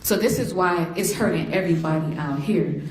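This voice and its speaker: A woman's voice: on the low side, moderate pace. A middle-aged woman, a victim's mother, giving an emotional courtroom impact statement through vivid storytelling. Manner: emotional, vivid storytelling that slips into acted quotes. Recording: echoey courtroom, faint noise.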